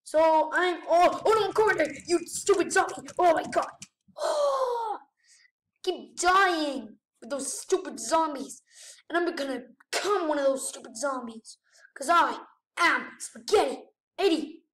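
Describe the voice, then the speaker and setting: A woman giving excitable gameplay commentary, often gasping and exclaiming. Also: high-pitched, a little slow, echoey room, far from the mic, a little hiss or hum. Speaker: gamer.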